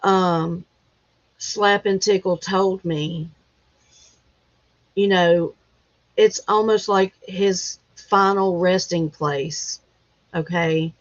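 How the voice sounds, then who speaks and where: A woman hosting a casual livestream chat speaks slowly and haltingly, emotional and fighting back tears. Her voice is lowish and her tone steady, heard through dull lo-fi livestream audio.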